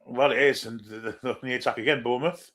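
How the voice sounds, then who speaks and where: Fast-talking blunt man. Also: medium pitch, fairly even intonation, a bit bright. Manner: blunt, grumbling, swearing. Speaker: co-host. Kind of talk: live football watchalong chat.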